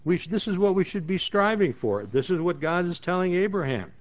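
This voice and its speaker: Bible-study teacher, male, fairly high voice, reads scripture then explains it plainly, restarts often; dull lo-fi recording. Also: animated, brisk. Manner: reads verses aloud, then comments plainly, with frequent restarts.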